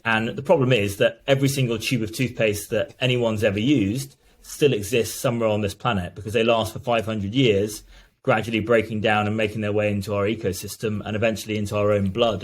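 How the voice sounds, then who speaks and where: A man speaks as a founder in a business interview. His voice is fairly low. He explains things earnestly and often restarts his sentences. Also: steady tone, brisk. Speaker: brand founder guest.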